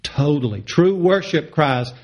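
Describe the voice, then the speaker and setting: A middle-aged man preaching a sermon, passionate and repetitive, his voice climbing high on the words he stresses. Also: animated, measured pace, darkish tone, highs cut off. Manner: impassioned, repeats phrases for emphasis, rises sharply in pitch on key words.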